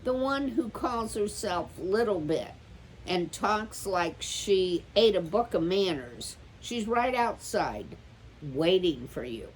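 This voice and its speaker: A woman's voice: medium pitch, lively intonation, takes it slowly, a little hiss or hum, voice pushed up. A woman doing Erith, a grumpy old porcupine. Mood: grumbling.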